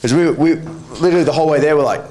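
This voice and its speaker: A man's voice: a little high, racing, noisy background. A man, a martial arts coach, telling stories as a podcast guest. He rambles with many restarts and swears freely. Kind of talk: casual podcast storytelling.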